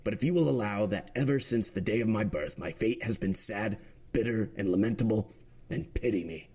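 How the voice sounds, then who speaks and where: A man's voice: fairly low pitch, animated, fairly quick, mellow, breathy edge. A man voicing a bitter, defiant young criminal speaking in court.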